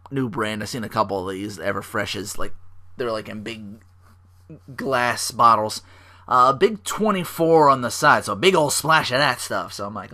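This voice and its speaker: A man hosting a casual solo podcast, rambling excitedly with swearing and fillers. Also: medium pitch. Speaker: podcast host.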